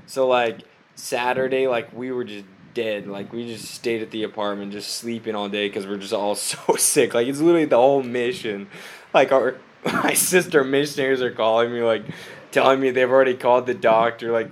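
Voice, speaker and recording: A man's voice: medium pitch, a little hiss or hum. Young man rambling with lots of "like"s. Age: young adult. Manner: rambling, heavy use of "like", laughs often. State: slightly stuffy from a cold. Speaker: missionary. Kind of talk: casual spoken update to family.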